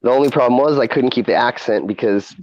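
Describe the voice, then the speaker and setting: A man's voice: mid-range voice, fast talker, darkish tone, dull audio. A man hosting a casual chat, rambling with many fillers and frequent laughs. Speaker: podcast host and streamer.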